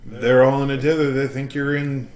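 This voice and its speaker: A man's voice: medium pitch, fairly even intonation, normal speed, a little mellow. A man as a player in a tabletop game, planning his character's moves aloud. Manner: plans actions aloud, shifts into a put-on voice for his character. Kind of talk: tabletop role-play. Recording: echoey room.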